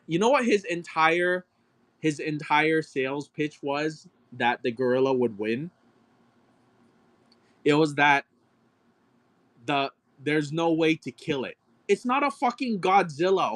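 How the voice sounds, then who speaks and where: A man hosting a live-stream auction, talking in an excitable, argumentative rant full of swearing. His voice sits a little higher than most men's, and he hammers his points home to the chat. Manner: profane, excitable, argumentative ranting.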